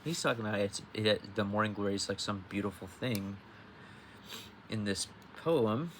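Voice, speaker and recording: A man's voice: on the low side, animated, normal speed, a bit bright, slight background noise. A man chatting casually and rambling through a read-along, with lots of restarts and tangents, sounding sleepy. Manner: rambling, restarts often, swears in quoted outbursts. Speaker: livestream reader.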